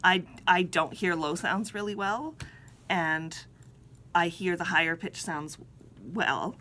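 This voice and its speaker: A woman's voice: on the low side, slow pace, bright, forceful tone. A woman co-hosting a casual knitting podcast, chatting in a rambling, easygoing way. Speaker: podcast co-host. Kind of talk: casual chat.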